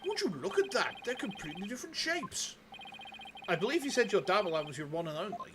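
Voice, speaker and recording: A man's voice: high-pitched, sing-song, fast, noisy background. A man reading the lines of an earnest young defense lawyer in his own voice. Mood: determined. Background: game music.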